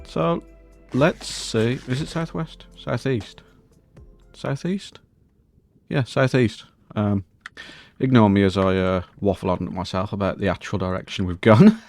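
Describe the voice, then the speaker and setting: A man's voice: lowish voice, moderate pace, a little mellow, soft background music. A man hosting a Minecraft let's-play, chatting casually and scolding the game's mobs in a mock-posh, indignant way. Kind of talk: casual gameplay commentary.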